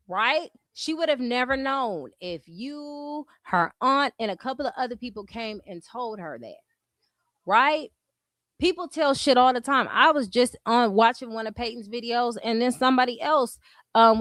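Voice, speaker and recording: A woman's voice: a little high, no echo. A woman streamer giving blunt, mocking drama commentary, full of rhetorical questions.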